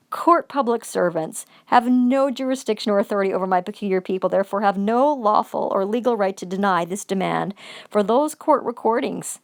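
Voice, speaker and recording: Woman, heated accusatory rant, heavy swearing, reads legal demands aloud. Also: mid-range voice. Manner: reads out formal demands between outbursts. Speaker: vlogger. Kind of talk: angry profane rant.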